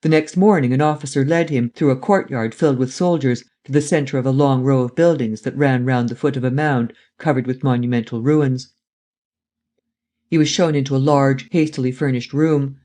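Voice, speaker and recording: A man narrating a classic adventure novel in a steady, even storytelling manner. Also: mid-range voice, normal speed. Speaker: audiobook narrator. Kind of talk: scripted narration.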